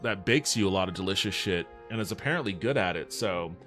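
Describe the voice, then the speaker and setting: A fast-talking man with a low, animated voice reads viewers' messages aloud on his livestream and fires back answers. He keeps it casual and profane, riffing loosely, with faint music softly in the background.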